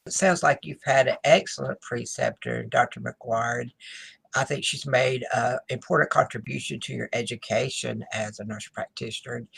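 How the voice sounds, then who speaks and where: Gravelly, husky-voiced interviewer man. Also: medium pitch, fairly bright tone. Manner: encouraging and affirming. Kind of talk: interview questions.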